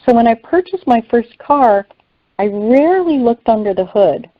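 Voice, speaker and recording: A woman reading a devotional teaching aloud in an earnest, measured way. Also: fairly high pitch, expressive, no room sound, muffled recording. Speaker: teacher on a faith call.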